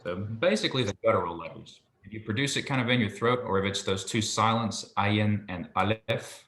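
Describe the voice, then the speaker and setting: A patient male teacher walks his student through a language lesson, explaining slowly and repeating sounds. His voice sits low but bright, and it rings in an echoey room. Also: a little hiss or hum. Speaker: Hebrew teacher.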